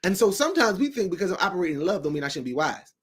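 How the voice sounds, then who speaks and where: A man's voice: high voice, big pitch swings, very fast, a bit bright, husky. A man, a guest on a talk show, speaking in an emphatic, preachy way about faith and everyday life. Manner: preachy and emphatic, acts out quoted voices.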